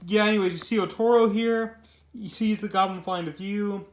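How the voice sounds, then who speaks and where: Young man, comic review, casual rambling, high voice, echoey room. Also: fairly even intonation, fairly quick. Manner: rambling, filler-heavy, repeats words.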